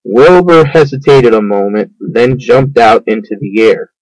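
A man reading a children's book aloud, in an unhurried, measured way. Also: medium pitch, expressive, dry recording, rough recording. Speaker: storyteller.

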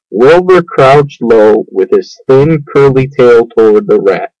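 A man reading a children's book aloud, in an unhurried, measured way. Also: medium pitch, expressive, darkish tone, no room sound, muffled recording. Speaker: storyteller.

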